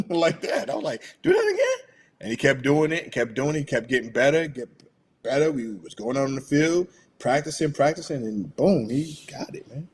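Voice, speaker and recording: A middle-aged man signs off from his own podcast at a normal speed, his medium-pitched voice slightly rough. His goodbye is loose and rambling, he chuckles often, and his throat is giving out.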